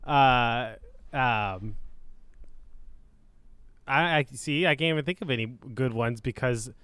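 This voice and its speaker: A man's voice: medium pitch, brisk, bright, forceful tone, dry recording. Laughing young man telling stories. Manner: storytelling, laughs often, quotes others. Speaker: podcast co-host. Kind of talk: casual chat.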